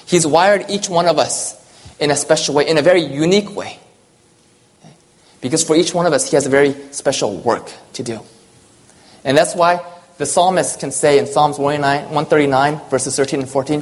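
A man's voice: on the high side, fairly quick. A man preaching a sermon, earnest and personal, often checking in with his listeners by asking "okay?".

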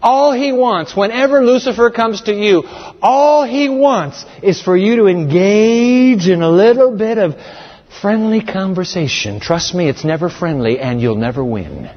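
Emphatic preacher man, lively pitch. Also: unhurried. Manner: emphatic, dramatic, addresses the congregation. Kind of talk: sermon. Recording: dull sound with long hall reverb.

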